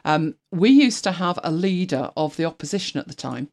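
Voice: medium pitch, animated, fairly quick, a little mellow. A co-host chatting loosely on a talk show, rambling with many fillers and restarts. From United Kingdom. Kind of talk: casual panel chat.

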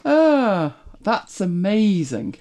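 Host, casual chat to viewers, animated pitch, chatty and self-correcting. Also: extremely slow. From United Kingdom. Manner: chatty, rambling, self-correcting, laughs often. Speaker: livestream host.

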